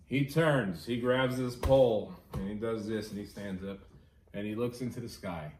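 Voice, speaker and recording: A man's voice: fairly low pitch, moderate pace. A man hosting a casual podcast chat, telling a work story with lots of swearing. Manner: animated storyteller, swears freely. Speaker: podcast host. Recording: echoey room, faint noise.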